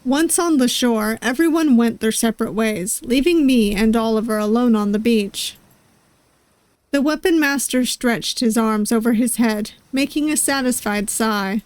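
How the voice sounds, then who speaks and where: At a measured pace and with a slightly high voice, a woman VTuber reads a visual novel out loud. She's giggly and self-deprecating, laughing at how she does the voices, with no echo in the recording.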